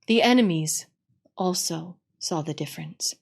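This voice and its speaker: A woman narrating a storybook read-aloud in an expressive, dramatic way. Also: lowish voice, measured pace, creaky, slightly rough.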